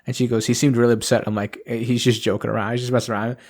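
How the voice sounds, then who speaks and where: A man's voice: medium pitch, flat delivery, rapid-fire, darkish tone. A young man co-hosting a podcast, telling stories in casual chat and acting out the dialogue. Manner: storytelling, acts out dialogue, laughs along. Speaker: podcast co-host.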